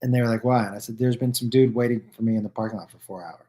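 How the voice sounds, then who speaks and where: A man hosting his own live stream, telling stories casually to viewers and acting out the people in them with loose, profane, animated delivery. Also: medium pitch, racing. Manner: animated, acts out quoted dialogue with "I go" and "he goes"; loose and profane, with restarts and fillers.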